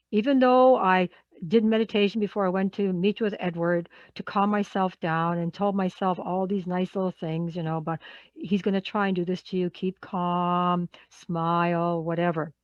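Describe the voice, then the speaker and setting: A woman's voice: mid-range voice, no echo, highs cut off. A woman leading a live workshop as a coach, talking conversationally and often checking in with the group.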